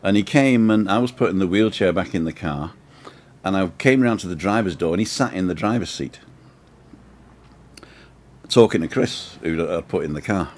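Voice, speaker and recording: A man's voice: low-pitched, normal speed, long pauses. A man tells a long, chatty story on his live show, wandering off into asides as he goes. He speaks casually from an outdoor balcony in the sun. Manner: chatty, rambling anecdotes with asides. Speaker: host.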